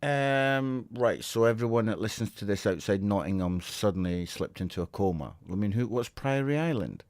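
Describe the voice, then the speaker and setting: Middle-aged man, podcast co-host, giggly and self-mocking, very lively pitch, dry close mic. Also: normal speed, no room sound. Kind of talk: casual chat.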